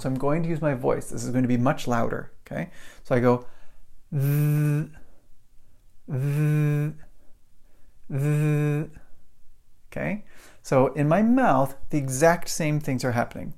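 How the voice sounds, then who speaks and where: A male English teacher gives a pronunciation lesson into a microphone, indoors. His voice is mid-pitched with a gravelly, creaky edge. He talks patiently and keeps checking in with the viewer. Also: a little mellow. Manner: explains patiently, keeps checking with "right?" and "okay?". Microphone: microphone in front of him.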